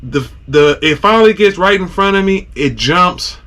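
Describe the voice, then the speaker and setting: A man hosting a podcast, telling a story in a casual, animated way, with sound effects and lots of "like". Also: sits high, normal speed.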